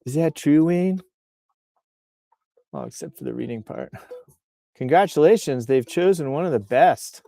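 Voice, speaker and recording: A man's voice: fairly high pitch, animated, a little slow, creaky, long pauses, mellow, dry recording, studio quality. A man hosting a casual livestream outdoors, joking and riffing as he reads posts and comments aloud. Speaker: livestream host reading posts. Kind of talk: casual live-stream chat. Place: outdoors on a bluff.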